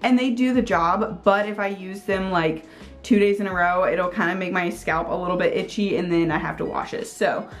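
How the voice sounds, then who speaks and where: A woman's voice: fairly low pitch, fairly even intonation, moderate pace, soft background music. A woman vlogger giving a casual product review, chatty and upbeat, with plenty of "like" and "um". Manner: chatty, filler-heavy with frequent "like" and "um"; upbeat, gushing. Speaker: beauty vlogger.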